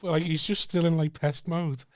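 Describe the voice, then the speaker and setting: Animated man telling a story. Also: on the high side, moderate pace, dry recording, studio quality. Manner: animated, repeats words, swears freely. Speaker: podcast co-host. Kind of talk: casual storytelling chat.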